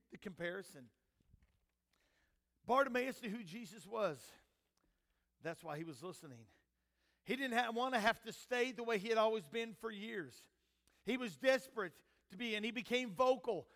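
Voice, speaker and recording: High-voiced older pastor in echoing hall. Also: male voice. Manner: preaching with swings between loud emphatic calls and quiet asides; mixes scripture reading with homespun family stories. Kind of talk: sermon. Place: church sanctuary. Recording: long church hall reverb.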